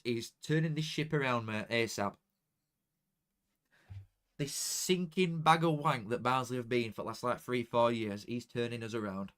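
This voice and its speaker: A young man talking casually to viewers during a football watchalong, chatty and excitable, dropping into flat mutters and jumping to loud outbursts. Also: mid-range voice, moderate pace. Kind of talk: casual live commentary to viewers.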